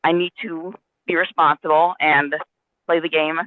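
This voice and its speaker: A man's voice: fairly high pitch, flat delivery, moderate pace, no echo. A man earnestly telling a personal story in a casual spiritual discussion, with many restarts. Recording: dry, tinny phone line.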